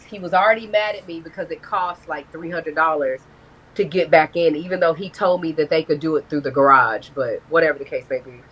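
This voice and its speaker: A woman's voice: deep voice, poor audio. A woman, a guest telling a blunt, profane story in a casual live-stream interview. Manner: candid, profane, animated storytelling.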